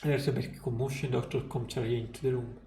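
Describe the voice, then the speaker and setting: A male streamer reading a game story aloud in a steady, measured way. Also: mid-range voice, vocal fry, slight background noise. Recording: roomy echo, faint music.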